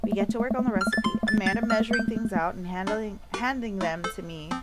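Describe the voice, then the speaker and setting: A woman streaming a dating game, reading its first-person narration aloud in a playful, expressive way. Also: mid-range voice, brisk, loud music behind the voice. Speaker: let's play streamer.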